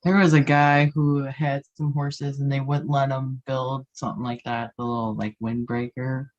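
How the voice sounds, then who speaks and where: Mid-pitched voice, chatty, lots of fillers, dull lo-fi podcast recording. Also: flat delivery, moderate pace. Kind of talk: casual chat. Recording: dull lo-fi sound.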